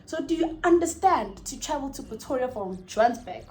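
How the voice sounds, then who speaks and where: A young South African woman telling a story in a casual vlog, animated and swearing, with lots of "like". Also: high voice, a little fast, a little hiss or hum. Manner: animated, swearing, exclaiming, peppered with "like".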